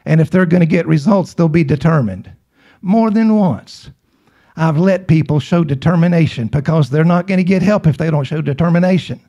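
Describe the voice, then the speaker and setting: A man's voice: a little high, normal speed, dark tone, muffled recording. Emphatic man preaching a sermon. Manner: emphatic, repeats and asks the congregation questions.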